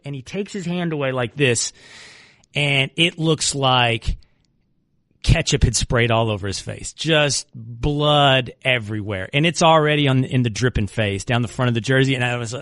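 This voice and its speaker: Middle-aged male sports radio host, slightly high, chatty storyteller who restarts often, dry close studio sound. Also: no echo. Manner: animated storytelling, restarts and repeats. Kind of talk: casual talk radio monologue.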